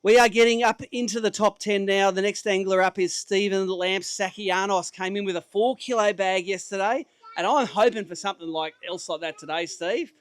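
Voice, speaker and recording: A man's voice: sits high, normal speed, hardly any pauses, smooth, no echo. An Australian man emceeing a fishing tournament weigh-in outdoors, chatty and upbeat with the anglers. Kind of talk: live tournament emcee banter. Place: outdoor waterside stage.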